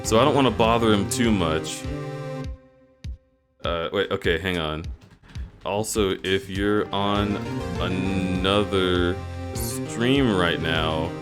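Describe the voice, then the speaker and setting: A man with a low voice streams a video game live, joking around with his chat and teasing them in a goofy way. He speaks slowly, leaving long pauses, as game music plays behind him.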